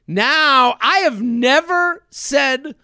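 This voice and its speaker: A man's voice: very high-pitched, very slow, no room sound, studio quality. A man hosting a comedy podcast, telling stories animatedly and acting out quotes. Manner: animated storyteller, acts out quotes. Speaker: podcast host.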